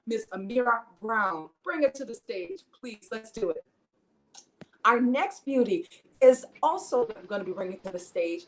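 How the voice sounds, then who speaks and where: A woman's voice: sits high, a little slow. A woman hosting an online show, introducing guests with enthusiasm and cheers. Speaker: host.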